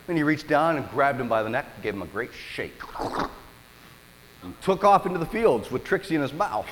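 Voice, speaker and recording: Male pastor, expressive storytelling sermon, higher voice, long hall reverb. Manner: storytelling, animated preaching with dramatic pauses.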